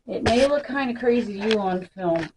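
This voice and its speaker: A woman's voice: on the high side, expressive, moderate pace, background noise. Chatty woman doing a craft demo. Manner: chatty, talks to her pets mid-task. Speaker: crafting vlogger. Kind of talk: casual how-to demonstration. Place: home craft room.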